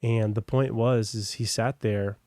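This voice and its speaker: A man's voice: lowish voice, steady tone, unhurried, warm tone, no room sound, clean studio sound. A young American man on a podcast, telling his own story in a casual, rambling way with lots of fillers and asides. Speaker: podcast guest.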